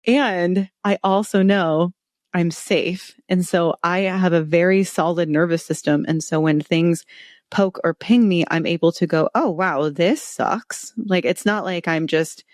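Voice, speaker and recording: A low-pitched woman, middle-aged, speaking as an animated podcast guest. She laughs easily and acts out little quotes as she talks. The sound is close and dry, with no room around it. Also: unhurried, no echo. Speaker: guest expert on retail stress. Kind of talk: podcast interview.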